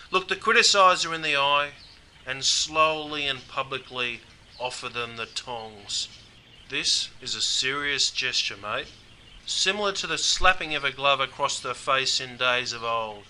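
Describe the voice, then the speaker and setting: Bright matey Australian man explaining. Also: mid-range voice, a little hiss or hum. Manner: dry, matey, says mate constantly. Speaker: presenter. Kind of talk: scripted comedic explainer.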